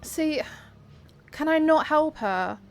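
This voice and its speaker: A woman's voice: high-pitched, lively intonation, slow pace. A woman giving casual, hesitant let's-play commentary, thinking aloud as she picks dialogue choices. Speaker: gamer playing through a story game.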